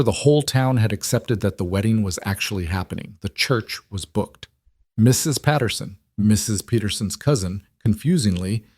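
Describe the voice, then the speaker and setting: A man narrating a story in a steady, measured reading. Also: lowish voice, slightly rough, no room sound, studio quality.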